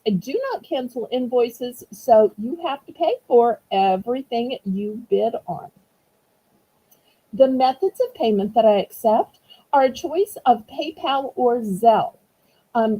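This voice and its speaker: A woman's voice: a little high, husky, rough recording. A woman with a Southern US accent hosting a live auction stream, chatty and explaining how bidding works. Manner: chatty, warm explanations with laughs. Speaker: auction host.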